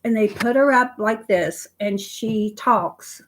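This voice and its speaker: A woman's voice: mid-range voice, slow, a little hiss or hum, rough recording. An older woman chatting casually on a phone livestream, talking with lots of "you know" fillers and repeating herself. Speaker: livestream host.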